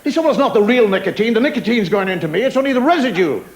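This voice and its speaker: A man's voice: sits high, expressive, rapid-fire. A middle-aged man doing stand-up, ranting in exasperation about everyday annoyances, mimicking people and car horns. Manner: exasperated ranting with mimicked voices and sound effects. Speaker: stand-up comedian. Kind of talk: stand-up routine before a live audience. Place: television studio stage. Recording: live show audio with audience noise.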